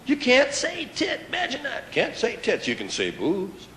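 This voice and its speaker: A man performing a stand-up comedy routine, riffing and mock-indignant, with sudden loud outbursts, recorded live on stage. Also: very high voice, wildly swooping pitch, moderate pace, slight background noise. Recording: old live recording, roomy hall with audience laughter. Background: audience laughter.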